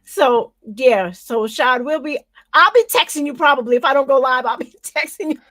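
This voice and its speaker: A woman's voice: high voice, normal speed, no room sound. Chatty woman hosting a live stream. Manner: chatty, laughs often, animated sign-off. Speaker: host. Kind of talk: casual live-stream chat.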